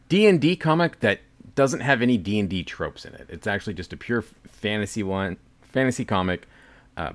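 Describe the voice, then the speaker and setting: Speaking in a low voice with no echo, a middle-aged podcast co-host rambles through casual banter, making fun of himself in a self-deprecating way and sometimes trailing into soft mumbles.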